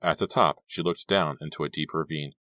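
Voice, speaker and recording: A man narrating an audiobook in an even, steady storytelling voice. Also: rumbling low, a little fast, no room sound.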